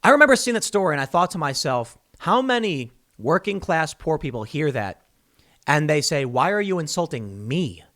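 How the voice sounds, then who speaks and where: Man, political commentary, high voice, very animated, heated, mocking. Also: moderate pace. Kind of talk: solo commentary monologue.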